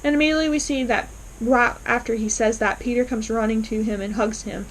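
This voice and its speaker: Woman, episode reviewer, casual recap, enthusiastic, many fillers, slightly high voice. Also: steady tone, brisk, slight background noise, rough recording.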